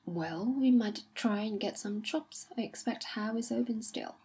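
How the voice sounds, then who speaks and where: A woman reading the part of a kindly, fussy elderly retired army colonel in an audiobook, with a breathy voice. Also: medium pitch, a little slow, darkish tone. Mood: cheerful.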